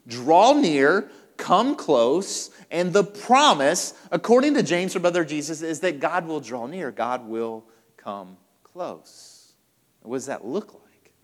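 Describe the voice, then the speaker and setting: Higher-voiced male pastor preaching in a hall. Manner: emphatic preaching with repeated phrases. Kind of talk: sermon.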